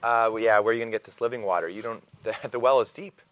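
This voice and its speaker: A man voicing a blunt, skeptical Samaritan woman during a Bible lesson, talking quickly and challenging the listener. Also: lowish voice, fairly even intonation, a bit bright, no echo, close to an everyday voice.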